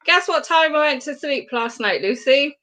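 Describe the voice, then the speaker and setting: A woman co-hosting a casual chat show, lively and self-mocking, laughing often. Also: sits high, normal speed. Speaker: co-host.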